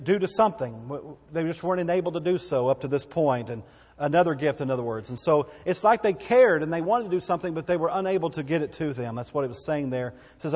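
Folksy preacher in a reverberant hall. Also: male voice, fairly high pitch. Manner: conversational, folksy preaching with asides and repetitions. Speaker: pastor. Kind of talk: sermon.

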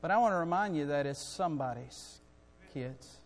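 A middle-aged man preaching a sermon in a church, earnest and building to loud, urgent storytelling. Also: a little high, animated, normal speed. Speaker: guest preacher. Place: church sanctuary. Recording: long hall reverb.

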